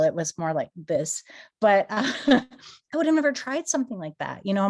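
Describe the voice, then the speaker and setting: A woman in her forties from Minnesota, giving an earnest, emotional testimony as a guest speaker and rising into excited rhetorical questions. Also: lowish voice. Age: 40s. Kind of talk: motivational company testimony.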